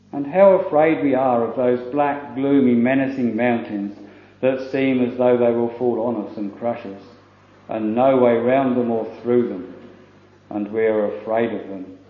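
A man's voice: medium pitch, phone-quality sound. Man preaching a solemn sermon, echoey. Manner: solemn, measured preaching with King James quotations.

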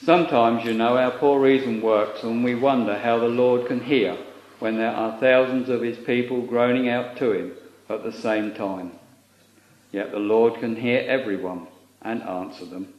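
A man's voice: mid-range voice, fairly even intonation, moderate pace, darkish tone. A man preaching a sermon in a solemn, earnest way, using old-fashioned scriptural phrasing. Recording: lo-fi recording in an echoey room.

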